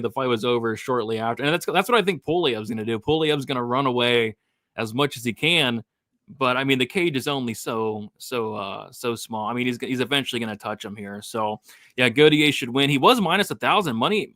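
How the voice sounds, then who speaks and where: A man breaks down fight odds in a loose, casual way, leaning on fillers and repeating himself. His voice is bright and forceful, recorded dry and close with no room sound. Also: mid-range voice, brisk, no echo. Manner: loose, filler-heavy talk, repeats words. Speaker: sports betting analyst.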